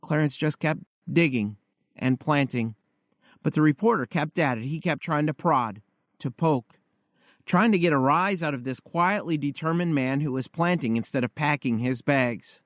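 A man's voice: a little high, dry recording. Earnest man preaching, dry close sound. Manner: storytelling, measured and earnest. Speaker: pastor. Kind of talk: sermon.

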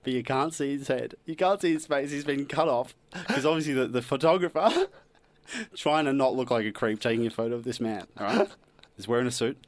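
A man's voice: medium pitch, brisk, no room sound. A young man hosting a radio show in playful, teasing banter, drawing out suspense. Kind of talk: casual studio banter.

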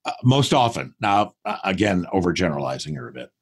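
A man's voice: low-pitched, sing-song, quick pace. A man in his sixties, a guest on a podcast, who talks thoughtfully and often acts out remembered conversations. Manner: thoughtful, acts out quoted dialogue. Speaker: podcast guest, performance consultant. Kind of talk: casual interview talk.

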